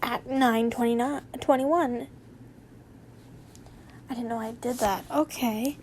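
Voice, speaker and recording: A woman's voice: fairly high pitch, fairly even intonation, takes it slowly, a little mellow, slight background noise. A young woman casually reading fanfiction aloud, chatty and laughing as she comments on the story. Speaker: fanfiction reader.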